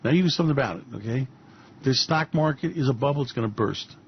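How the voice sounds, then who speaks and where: A man's voice: mid-range voice, lively intonation, fast talker, highs cut off, a little hiss or hum. A man hosting a radio show, giving fiery, mocking commentary on politics and finance with repeated punchlines. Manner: ranting, mocking, repetitive punches.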